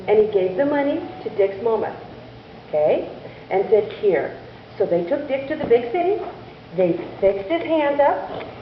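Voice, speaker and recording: Animated woman telling children a story. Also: a little high, slight background noise. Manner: animated, asks the children questions. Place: church sanctuary. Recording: distant, dull, echoey church recording.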